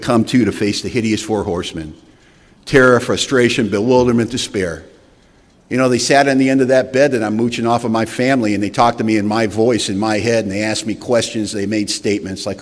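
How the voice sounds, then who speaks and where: Low-voiced man telling his story in a reverberant hall. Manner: candid, wry storytelling that acts out past dialogue. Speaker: recovery meeting speaker. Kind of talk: personal recovery testimony.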